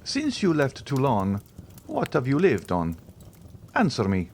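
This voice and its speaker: A man's voice: medium pitch, wildly swooping pitch, a little slow, a little mellow, a little hiss or hum, pitched above the performer's own voice. A man voicing a stern, commanding older priest who interrogates with an imperious, accusing manner.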